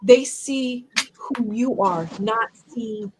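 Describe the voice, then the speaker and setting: A woman's voice: a little high, drawn-out words, background noise. A woman hosting a live-stream chat, talking in an earnest, emotional and empathetic way. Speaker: host.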